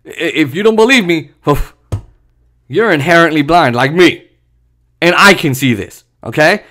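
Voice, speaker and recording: A man's voice: fairly high pitch, lively intonation, normal speed, sharp tone. Heated, sarcastic man. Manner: heated and sarcastic, mocking voices. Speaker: podcast host. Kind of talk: solo political commentary podcast.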